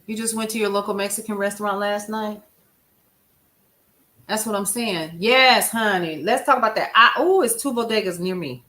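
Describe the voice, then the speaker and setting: A woman with a mid-range voice hosts a casual news recap on a live stream, speaking at a normal speed in a bright, pushed tone. She chats with her viewers and answers their comments in an emphatic, conversational way.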